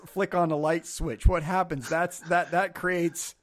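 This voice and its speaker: A man's voice: on the high side, steady tone, measured pace, no room sound. A man hosting a podcast in a chatty, enthusiastic way, often laughing with his guest. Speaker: podcast host. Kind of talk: casual chat. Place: in Los Angeles.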